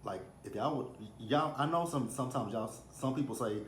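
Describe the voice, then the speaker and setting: A man's voice: mid-range voice, moderate pace, slight background noise. A man in his thirties with a Texan accent, chatting casually as he recaps a reality TV episode and acts out what people said. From Texas. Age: 30s. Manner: chatty, animated, acts out quotes. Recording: roomy echo, faint ambience.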